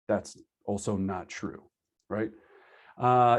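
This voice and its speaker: A man teaching a live online class for real estate agents over a video call, energetic and conversational, acting out his students' excuses. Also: on the low side. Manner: acts out agents' excuses in quick asides. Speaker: real estate sales trainer.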